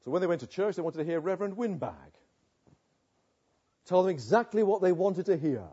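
A man preaching a sermon with urgency, swinging from loud warnings to hushed asides. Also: high-pitched, lively intonation, brisk, breathy edge, muffled recording.

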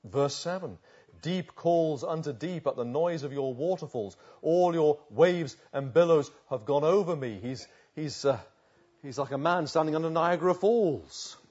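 A man preaching a sermon, swinging from loud urging to hushed, slow pleading. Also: on the high side, breathy edge. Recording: dull lo-fi recording.

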